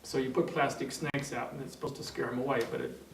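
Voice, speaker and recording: A man's voice: mid-range voice, steady tone, fast talker, gravelly. A man working as a trainer, telling an anecdote in a seminar in a rambling way, full of fillers and restarts. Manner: rambling, many fillers and restarts, chuckling storyteller. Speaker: NLP trainer. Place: training room. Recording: roomy hall, distant mic, faint noise.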